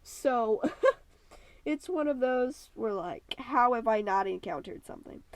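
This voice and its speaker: A woman's voice: on the high side, lively intonation, slow pace, dry recording. A woman hosting her art channel, giving a casual, enthusiastic voice-over that rambles with many ums and slips into a playful put-on accent. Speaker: YouTube art channel host.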